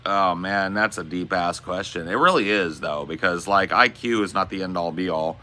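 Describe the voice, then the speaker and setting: A man's voice: deep voice, moderate pace, sharp tone, slight background noise. A man streaming live, casually answering chat questions in a rambling, profane, laid-back way.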